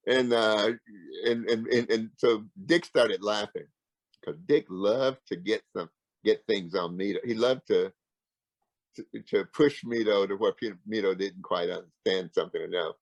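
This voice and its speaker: A man's voice: on the low side, normal speed, dry recording, low-quality recording. An older man, a martial arts grand master, telling stories as an interview guest, acting out the dialogue with lots of restarts. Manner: animated, acts out quoted dialogue with frequent restarts. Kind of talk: casual storytelling.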